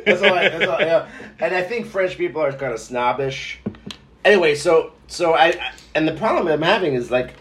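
A man talks loosely on a podcast, doubling back on his words and laughing at himself. His voice sits a little higher than usual. A faint hum of room noise runs underneath. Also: animated, normal speed, a bit bright. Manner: rambling, self-deprecating, laughs often. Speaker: podcast host. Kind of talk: casual chat.

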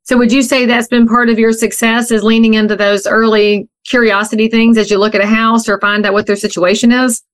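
A woman's voice: a little high, level tone, brisk, hardly any pauses. Playful woman interview host. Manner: playful, teasing. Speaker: podcast host. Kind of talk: casual interview talk.

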